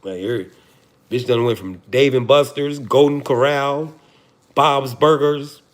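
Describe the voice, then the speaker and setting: Speaking slowly at a medium pitch, this livestream host cracks profane jokes to his chat and then turns to preaching his point. It's loose, casual talk aimed at the chat.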